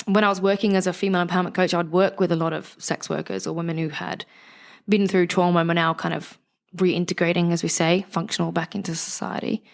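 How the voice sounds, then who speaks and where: A woman's voice: on the low side, fast talker, vocal fry. Frank West Country woman telling her story. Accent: West Country English. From West Country, England. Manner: frank, animated storytelling, swears freely. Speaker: guest. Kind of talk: candid interview conversation.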